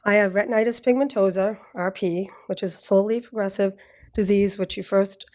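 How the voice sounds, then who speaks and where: Boston-accent woman reading her grad speech at a podium, kinda nervous, clears her throat, cracks little jokes. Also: medium pitch, steady tone, a little fast. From Massachusetts. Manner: nervous, warm, joking asides, throat-clearing. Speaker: graduate speaker. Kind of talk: prepared speech read at a ceremony. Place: ceremony with live audience.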